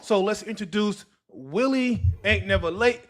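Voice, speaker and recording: A man's voice: high voice, a little slow, fairly bright tone, a little hiss or hum. A man hosting a podcast alone, telling a rambling story full of filler words. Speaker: podcast host. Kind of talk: solo podcast talk. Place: live streaming setup.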